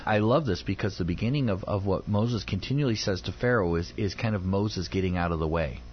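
A man's voice: deep voice, brisk. A man teaching through a Bible passage in a conversational way, often acting out the people he quotes. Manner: animated, acts out quoted voices. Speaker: Bible teacher on a radio program. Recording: dull lo-fi sound.

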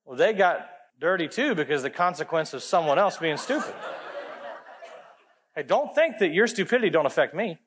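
A male pastor preaching a sermon, telling a story with lively acted-out dialogue and dropping low for emphasis. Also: moderate pace, pauses often. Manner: animated, acts out dialogue, drops low for emphasis.

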